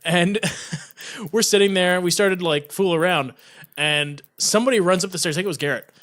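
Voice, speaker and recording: A man's voice: sits high, a little fast, a bit bright. A young man, telling rambling stories on a casual podcast, laughing often and restarting his sentences. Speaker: guest, show producer.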